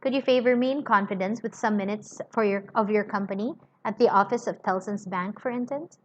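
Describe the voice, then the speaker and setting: A woman reading aloud as a cool, sardonic Englishman who speaks in measured, quietly cutting sentences, on a slightly muffled lo-fi recording. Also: mid-range voice, a little hiss or hum, natural voice.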